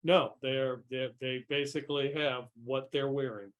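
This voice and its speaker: Mid-pitched man running a tabletop game. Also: fairly even intonation, a little slow. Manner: hesitant, restarts while narrating. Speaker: game master.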